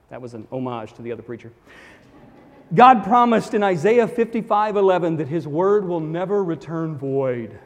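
A man's voice: high-pitched, dull audio. A male pastor preaching a sermon, emphatic and repeating his key phrases for weight. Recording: long reverb of a large hall.

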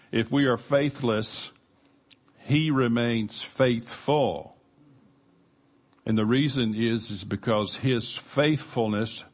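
A man preaching a sermon as pastor, earnest and emphatic, with measured pauses. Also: fairly low pitch.

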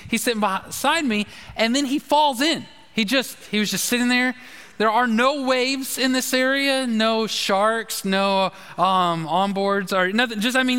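Male pastor, high bright voice, rambling storytelling sermon, reverb of a large church hall. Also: smooth. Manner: chatty, animated anecdote telling with fillers. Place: church sanctuary.

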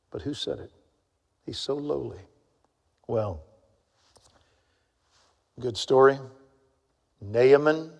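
Folksy preacher in an echoing hall. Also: male voice, on the high side. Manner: folksy storytelling, acts out characters, swings from loud to hushed. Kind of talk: sermon. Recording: long reverb of a hall.

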